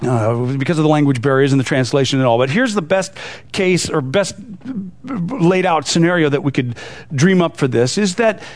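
High-voiced man teaching a Bible story. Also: animated, normal speed. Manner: conversational, filler-heavy storytelling.

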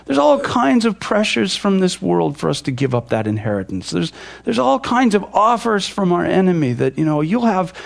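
A man's voice: high voice, huge pitch swings, normal speed, vocal fry. A male pastor teaching from the Bible in a casual, conversational way, with frequent fillers and restarts.

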